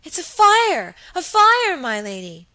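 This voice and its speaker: A woman voicing a distraught young maid who pleads and sobs in a high, loud, frantic voice. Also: expressive, moderate pace. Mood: panicked.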